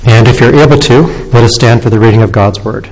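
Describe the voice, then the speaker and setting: A male pastor giving a sermon, reading scripture and leading prayer in a measured, solemn way in a church sanctuary. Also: mid-range voice, long reverb tail, low-quality recording.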